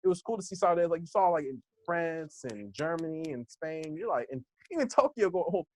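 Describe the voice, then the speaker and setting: An animated young American man from Los Angeles tells stories in a casual interview, his voice leaping up and down as he acts out the people he quotes. He laughs often, sitting a little high for a man, and the sound is dry and close. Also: fast, no room sound. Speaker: interview guest, hip hop instructor.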